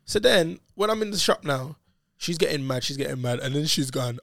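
A man's voice: on the high side, animated, a little fast, gravelly, a bit bright, no room sound, clean studio sound. A man telling a story in casual chat, full of slang and swearing and acting out what other people said.

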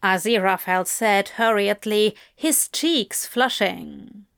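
Slow intimate woman reading a story. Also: medium pitch, vocal fry, a bit bright. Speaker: reader. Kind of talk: reading fan fiction aloud.

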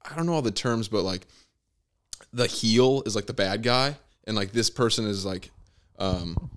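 A man's voice: fairly low pitch, expressive, moderate pace. A young man hosting a podcast, chatting casually and rambling, with lots of fillers and swearing. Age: young adult. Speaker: podcast host. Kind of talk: casual chat.

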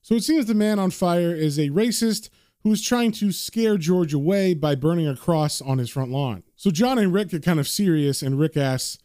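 A man's voice: on the high side, animated, normal speed, warm tone, no echo. Chatty man narrating a comic, dry sound. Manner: chatty, conversational, with fillers. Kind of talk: casual comic recap narration.

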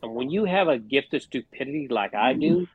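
A man's voice: medium pitch, expressive, a little fast, breathy edge, dry recording, narrow, tinny audio. A man co-hosting a casual sports podcast, ranting with lots of swearing. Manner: profane, fired-up rants. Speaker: podcast co-host.

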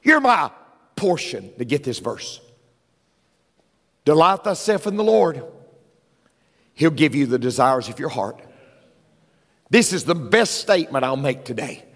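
A middle-aged man preaching a sermon, excitable, swinging between quiet asides and shouted lines. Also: fairly high pitch, unhurried, long pauses. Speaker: pastor. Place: large church sanctuary. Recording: church hall with long reverb.

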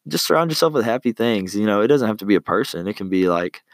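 A man's voice: fairly low pitch, lively intonation, quick pace, no echo, studio quality. A young man giving casual life tips in a laid-back, rambling way, full of fillers and slang. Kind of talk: casual advice monologue.

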